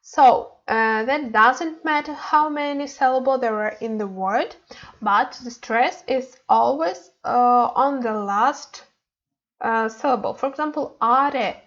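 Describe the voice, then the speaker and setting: A woman's voice: fairly high pitch, slow pace, highs cut off. A woman teaching a Korean language lesson online, speaking hesitantly with many fillers and repeating words for practice.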